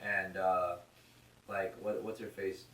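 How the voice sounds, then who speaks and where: Casting: bright-voiced man, blunt casual host, recorded off-mic in an echoey room. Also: sits low, flat delivery, slow, distant mic. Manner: blunt, rambling, swears freely. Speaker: podcast host. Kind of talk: casual chat. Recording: roomy echo, from off-mic.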